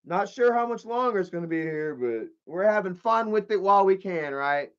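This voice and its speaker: Really high-voiced guy ranting on his stream, swears a lot, keeps restarting, kinda muffled lo-fi audio. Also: expressive, moderate pace, clean tone. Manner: profane, rambling storytelling with many restarts. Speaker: livestream host. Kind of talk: casual livestream rant.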